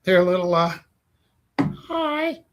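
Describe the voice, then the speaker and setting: A man's voice: a little high, fairly even intonation, normal speed, noisy background. A man hosting a live art stream, chatting casually while he draws and drifting playfully between half-finished thoughts. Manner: rambling, playful, trails off mid-thought. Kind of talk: casual chat while drawing.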